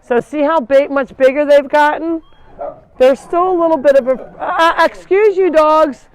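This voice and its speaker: A woman's voice: high voice, moderate pace, darkish tone. A woman hosting a casual live tour of an animal sanctuary, chatting and breaking off to call animals over. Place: outdoors at a farm.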